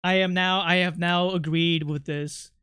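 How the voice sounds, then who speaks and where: A male streamer chatting casually, rambling along with many fillers and quick restarts. His voice is bright and smooth, recorded on a close desk mic in a dry, dead room. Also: high voice, steady tone, dry recording. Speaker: livestreamer.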